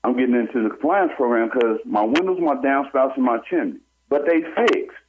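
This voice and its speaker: A man's voice: medium pitch, animated, a little fast. Urgent storytelling man, slightly muffled. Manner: urgent storytelling that acts out other people's words. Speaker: guest, homeowner and barber. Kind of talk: telling his own story in a talk show interview. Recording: slightly muffled with faint noise.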